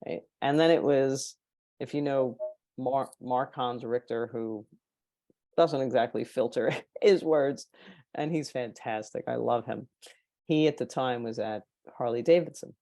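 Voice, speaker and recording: A woman's voice: extremely low pitch, unhurried, no room sound. A woman guest on a podcast, telling anecdotes in casual chat and acting out the people she quotes. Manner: animated, acts out quoted people. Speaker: podcast guest, marketing consultant.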